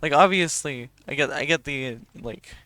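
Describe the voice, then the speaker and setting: A man's voice: on the high side, moderate pace, pushed and bright, dry recording. A young man, talking in a casual, rambling and profane way as a podcast host.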